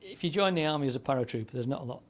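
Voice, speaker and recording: A man's voice: mid-range voice, expressive, rapid-fire. A man in his seventies, a former DJ and broadcaster, telling long anecdotes in a rambling conversational way. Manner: rambling anecdotal delivery with frequent fillers and restarts. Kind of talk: conversational storytelling.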